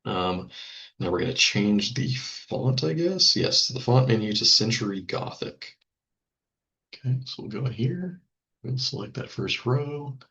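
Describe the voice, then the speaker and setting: A man teaching a software lesson over a screen recording, thinking aloud with ums and small self-corrections. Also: mid-range voice, gravelly, muffled recording. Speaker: instructor.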